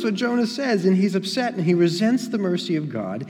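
A man's voice: sits high, very animated, fairly quick, few pauses, darkish tone. A male pastor preaching a sermon in an emphatic way, his voice rising and falling, in a church sanctuary. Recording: long hall reverb.

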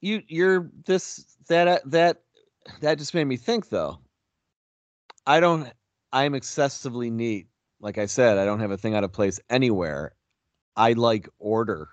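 A man's voice: medium pitch, expressive, a little slow, no room sound, highs cut off. A man co-hosting a podcast in casual chat, reflective and questioning himself. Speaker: podcast co-host.

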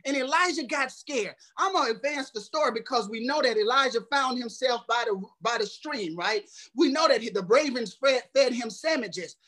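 A man's voice: extremely high pitch, animated, normal speed, few pauses, bright, forceful tone. A man preaching a sermon in a folksy, humorous way, speaking straight to the congregation, hot and sweating. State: sweating from the heat.

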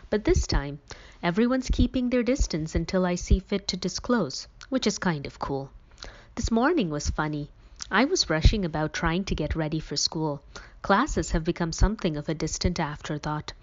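A woman narrating a first-person story in the voice of a teenage boy, reading steadily. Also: lowish voice. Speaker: audiobook narrator. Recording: dull lo-fi recording.

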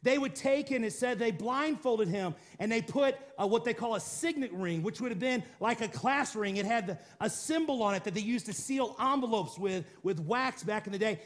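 High-voiced man preaching a dramatic sermon. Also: expressive, moderate pace, hardly any pauses. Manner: dramatic preaching, drops to quiet low tones for emphasis. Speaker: pastor.

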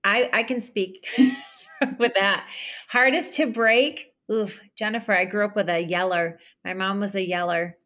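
A woman guest on a podcast speaking candidly and with self-deprecation. Her voice has a bright, forward tone at a middle pitch. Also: unhurried. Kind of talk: casual chat.

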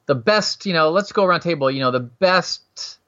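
Man, casual storyteller, slightly high voice, rambling, muffled lo-fi recording. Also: lively intonation, normal speed, pushed and bright. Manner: rambling storyteller, acts out quotes in a higher voice. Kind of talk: casual chat. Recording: muffled, lo-fi sound.

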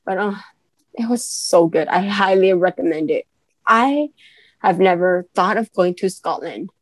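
A woman's voice: fairly low pitch, animated, measured pace, no room sound. A woman co-hosting a podcast, gushing and giggly as she reviews books in casual chat. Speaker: podcast co-host.

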